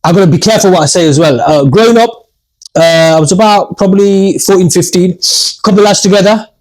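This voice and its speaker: Male podcast host, high voice, chatty storyteller. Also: quick pace, a little mellow, low-quality recording. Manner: chatty storyteller, addresses viewers as guys. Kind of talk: casual chat.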